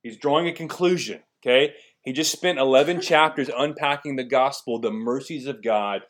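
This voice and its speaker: Man preaching a lively Bible lesson. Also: mid-range voice, normal speed. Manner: lively teaching, asks the listeners questions. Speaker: pastor teaching a Bible study. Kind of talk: sermon.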